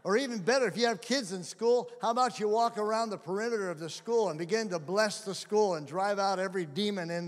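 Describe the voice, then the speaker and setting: A middle-aged male pastor telling stories in a sermon, animated and often laughing. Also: sits high. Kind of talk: sermon storytelling. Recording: long hall reverb.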